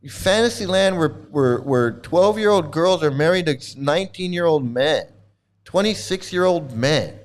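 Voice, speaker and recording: A man with a notably high voice for his sex delivers a furious, profane reaction rant. He sounds middle-aged, abrasive and mocking, hurling insults and swear words in almost every sentence. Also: animated, moderate pace. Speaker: commentator reacting to videos.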